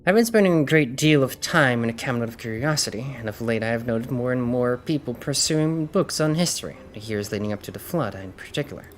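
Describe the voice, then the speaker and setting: A woman voicing a formal, scholarly fantasy game character, reading the dialogue in a measured way. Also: very deep voice, expressive. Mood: earnest. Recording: music behind.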